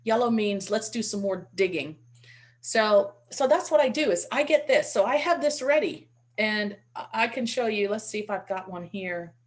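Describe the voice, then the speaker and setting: Chatty woman teaching on a call. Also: fairly high pitch. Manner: chatty, repeats words when restarting; demonstrates with call scripts. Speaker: real estate investing teacher. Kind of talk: online webinar teaching.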